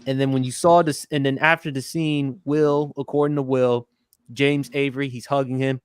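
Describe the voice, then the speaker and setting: A man's voice: mid-range voice, level tone, moderate pace, clear, resonant tone, no room sound, studio quality. A man hosting a casual podcast who asks the others questions and tells anecdotes. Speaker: podcast host.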